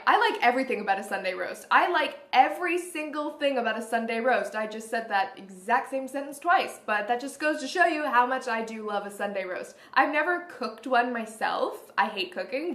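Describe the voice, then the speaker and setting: A woman's voice: on the high side, lively intonation, moderate pace, few pauses, fairly bright tone. A Canadian woman vlogging, chatting upbeat to camera and thinking aloud as she answers questions. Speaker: beauty vlogger. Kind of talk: casual chat to camera. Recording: echoey room.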